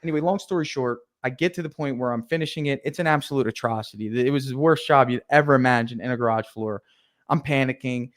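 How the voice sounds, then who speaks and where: A young man telling a story in casual talk as a podcast guest, acting out his own past lines with energy. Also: medium pitch. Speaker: podcast guest, painting contractor.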